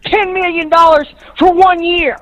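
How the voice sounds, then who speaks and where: A female caller on a sports talk show, ranting hard. Her voice is high, and she keeps raising it to a shout, repeating herself to hammer each point home. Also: fairly even intonation, measured pace, low-quality recording. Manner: fired-up, shouting, repeats for emphasis. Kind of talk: heated call-in rant.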